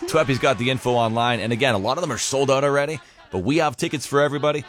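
A man's voice: mid-range voice, racing. A man co-hosting a morning radio show, talking in casual, playful banter and laughing often.

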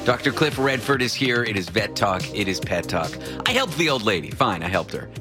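Wry, animated male talk show host. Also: lowish voice, brisk, music in the background. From dual citizen. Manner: wry, self-mocking storyteller. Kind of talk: casual talk show chat.

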